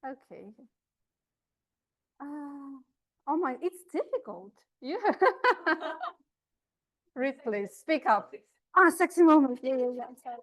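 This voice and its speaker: A woman's voice: sits high, animated, slow, long pauses. A woman hosting a public speaking club meeting, bubbly and coaxing, often giggling. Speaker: meeting facilitator. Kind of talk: lively club meeting chat.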